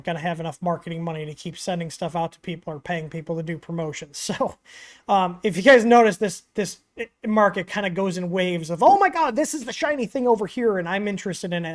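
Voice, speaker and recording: A man hosting a casual livestream Q&A, rambling with lots of fillers and blunt opinions. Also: high-pitched. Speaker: livestream host answering 3D printing questions.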